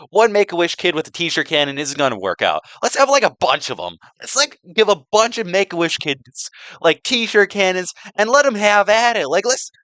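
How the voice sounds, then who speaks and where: Another take has the same young man sounding high-pitched, pushed and bright, recorded without room sound. His slideshow talk rambles sarcastically, stuffed with "like" fillers and frequent restarts.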